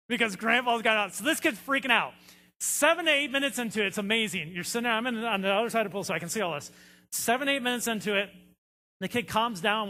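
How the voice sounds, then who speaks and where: A man's voice: sits high, pushed and bright, in a large hall. A man preaching a sermon as a pastor, telling stories in a conversational way with frequent fillers. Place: church sanctuary.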